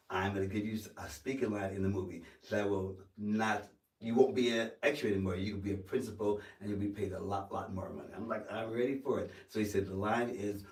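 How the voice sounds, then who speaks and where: Male actor guest, lowish voice, lively storyteller, recorded in an echoey room from a distance. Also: brisk. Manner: animated storyteller, acts out quoted lines, some stammering restarts. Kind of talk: storytelling interview. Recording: roomy sound from a distance.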